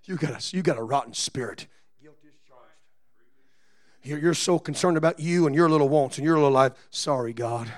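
A man preaching a Pentecostal sermon as pastor, moving from quiet, low-key musing to shouted, rhythmic exhortation punctuated with "uh.". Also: a little fast, long pauses.

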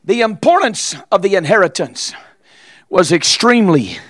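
A man preaching a sermon as pastor, impassioned, with frequent "uh" fillers between shouted phrases. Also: sits high, sing-song, normal speed, no echo.

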